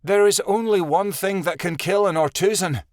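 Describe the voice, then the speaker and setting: An earnest young she-wolf heroine, as a male narrator puts her on, pitched well above his own voice. She speaks with steady determination. The recording is dry and close. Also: moderate pace, no echo, lightly acted. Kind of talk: audiobook character voice.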